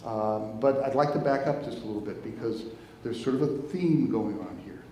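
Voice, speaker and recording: A man preaching a conversational sermon as pastor, retelling a story in a halting way, repeating and restarting words and inviting listeners to join in. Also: fairly low pitch, lively intonation, dark tone, a little hiss or hum. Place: church sanctuary. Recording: long hall reverb.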